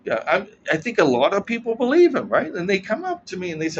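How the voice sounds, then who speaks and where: A man with a fairly high, lively voice talks through his points in a blunt, sardonic monologue and ends a lot of his sentences with "right?". The recording is muffled and lo-fi, with a faint hiss of room noise underneath. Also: fast talker, few pauses. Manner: keeps checking in with "right?" tag questions. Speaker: political commentator. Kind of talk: casual explanatory monologue.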